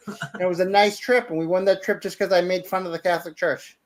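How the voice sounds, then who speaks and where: High-voiced man telling a story. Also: fast talker. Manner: animated anecdote-telling with stumbles. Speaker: podcast host. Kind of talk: casual storytelling.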